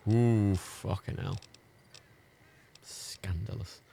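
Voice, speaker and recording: A man's voice: lowish voice, extremely slow, creaky, mellow, a little hiss or hum. A British man chatting on a live game stream, swearing and laughing in disbelief. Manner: sweary, exasperated, laughs often.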